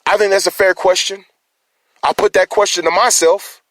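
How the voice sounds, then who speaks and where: A man's voice: high voice, fairly even intonation, normal speed, fairly bright tone, no room sound. A man speaking as a concerned citizen in an emotional personal monologue, rambling and restarting his words as he challenges his listeners.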